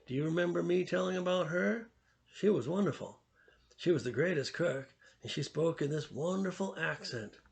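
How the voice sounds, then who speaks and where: A man's voice: on the high side, expressive, normal speed, gravelly, pitched above the performer's own voice. A man voicing a gracious, curious middle-aged mother in a read-aloud storybook.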